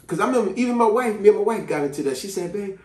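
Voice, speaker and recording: A man vlogger tells a story in an emphatic, chatty way. His voice rises and falls with feeling and sits a little high for a man. The sound is roomy and distant. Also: very fast. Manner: animated, emphatic, conversational. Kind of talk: storytelling to camera. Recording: echoey room, distant mic.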